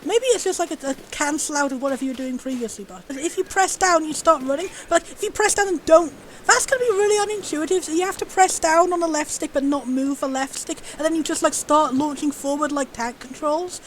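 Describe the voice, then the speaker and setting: Bubbly high-voiced woman streamer. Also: fairly quick, few pauses, slight background noise, poor audio. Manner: bubbly, gushing, easily excited. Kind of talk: live gameplay commentary.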